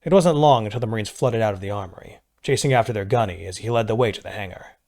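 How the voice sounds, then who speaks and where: A man narrating a military science fiction story in a measured, steady read. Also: fairly low pitch. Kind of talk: scripted sci-fi narration.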